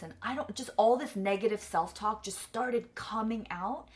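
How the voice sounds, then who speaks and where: A woman's voice: mid-range voice, normal speed, hardly any pauses. A young woman telling a personal story candidly, full of fillers and close to tears. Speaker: vlogger and coach.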